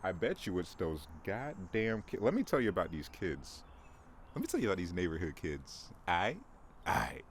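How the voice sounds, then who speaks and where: A man's voice: low-pitched, very animated, normal speed, slight background noise. A young man in his twenties rambling through a solo podcast at home, joking at his own expense and stumbling through restarts. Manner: rambling, self-deprecating, joking, many restarts and "bro". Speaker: podcast host. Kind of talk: solo morning podcast monologue. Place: at home, in view of his backyard.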